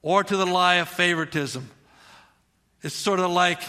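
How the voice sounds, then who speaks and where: A man's voice: high voice, moderate pace, pauses often, bright, forceful tone, big-room sound. A middle-aged male pastor preaching a sermon in an earnest, conversational way, repeating his phrases for emphasis.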